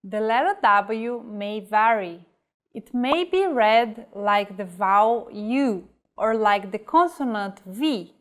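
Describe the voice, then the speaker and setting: Slow, careful woman teaching pronunciation. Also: fairly high pitch. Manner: slow, carefully enunciated example words. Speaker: language teacher. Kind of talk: scripted language lesson.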